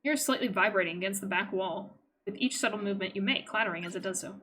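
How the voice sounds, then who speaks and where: A woman's voice: mid-range voice, fast, fairly bright tone, a little hiss or hum. A woman streaming a game live, reading its on-screen text aloud between her own reactive comments.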